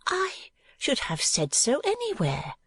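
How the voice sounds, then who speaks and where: A man's voice: very high voice, wildly swooping pitch, measured pace, a bit bright, pitched above the performer's own voice, heavily acted. A man reading an audiobook, voicing a polite, earnest young woman in a raised voice. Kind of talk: audiobook character voice.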